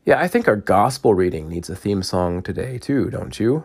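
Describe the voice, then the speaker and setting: A man's voice: lowish voice, lively intonation, normal speed, few pauses, a little mellow, breathy edge. A man preaching a humorous sermon, teasing and laughing often as he talks.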